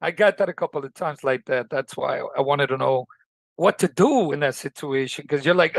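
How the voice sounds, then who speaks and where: High-voiced man on a dry call. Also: moderate pace, vocal fry, no echo. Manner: agreeable, chimes in. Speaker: trainee caller. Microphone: video call mic.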